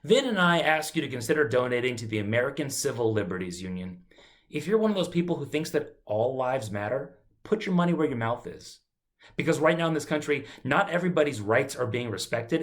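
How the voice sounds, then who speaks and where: A man's voice: medium pitch, lively intonation, fairly quick. A man hosting a comedic talk show, teasing his guest in a dry, sarcastic manner. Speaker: host.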